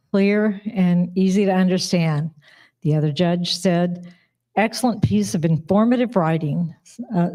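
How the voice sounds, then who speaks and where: A woman's voice: mid-range voice, warm tone. A woman reading out award winners at a live ceremony, chatty and giggly, apologizing when she trips over names. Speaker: awards presenter.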